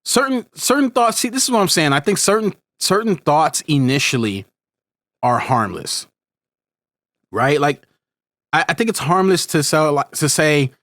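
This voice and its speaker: Chatting casually as a parent, this podcast co-host rambles with many restarts and tangents. He has a slightly high, sing-song, fairly bright voice at normal speed, recorded with no room sound.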